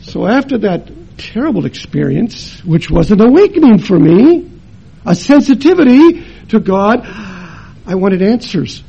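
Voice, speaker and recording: Gravelly, animated preacher man. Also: sits high, a little slow, lo-fi sound. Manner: dramatic, swings between loud emphasis and hushed tones; acts out family members' voices in his story. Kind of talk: sermon with personal testimony.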